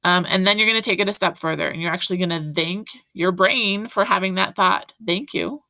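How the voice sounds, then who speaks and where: A woman's voice: lowish voice, a little fast, bright, forceful tone, no room sound. A woman teacher giving a recorded video lesson, speaking directly to her students in an encouraging way. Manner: encouraging, talks directly to students with frequent "right?".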